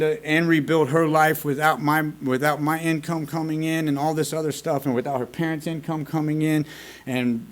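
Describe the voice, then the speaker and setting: A man speaking at a recovery meeting, telling his own story in a candid, plain-spoken and earnest way, with some casual swearing. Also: on the high side. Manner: earnest and confessional. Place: meeting room at a school.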